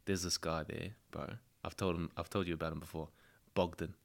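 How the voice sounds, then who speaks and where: A man's voice: low voice, flat delivery, a little fast, gravelly. A young man with a New Zealand accent, a guest on a casual podcast, telling stories in a laid-back way and calling his host bro again and again. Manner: laid-back storyteller, says bro constantly. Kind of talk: casual chat.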